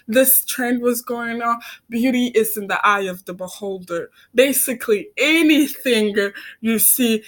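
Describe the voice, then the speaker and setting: A woman's voice: fairly high pitch, a bit bright. A young woman vlogging about her own life, earnest and heartfelt, often stumbling and repeating words as she speaks into a phone camera. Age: young adult. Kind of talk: personal storytelling to camera.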